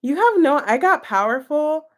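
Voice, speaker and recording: A young woman with a high voice gives a casual tarot reading. She talks in a gushing, chatty way, speaking straight to her viewers. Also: big pitch swings, normal speed, fairly bright tone. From United States. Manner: gushing, chatty, full of "like" and "you guys". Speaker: tarot reader.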